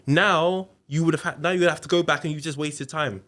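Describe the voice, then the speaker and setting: Animated man telling a story. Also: on the high side, brisk. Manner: animated, acts out quoted voices, slangy. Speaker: podcast guest. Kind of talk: casual storytelling.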